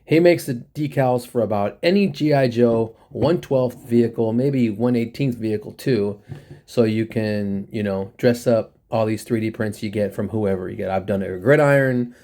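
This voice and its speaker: A man from the United States hosting a casual, rambling toy review chat, full of slang and quick laughs. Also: lowish voice, warm tone. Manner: rambling, laughs often, many fillers, slangy.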